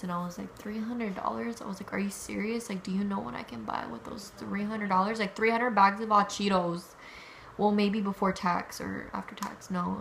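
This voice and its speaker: A woman's voice: medium pitch, a bit bright, slight background noise. A young woman casually telling a story to camera, chatty, swearing a lot and acting out what she and others said. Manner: chatty, swears a lot, quotes herself with "I was like". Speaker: vlogger.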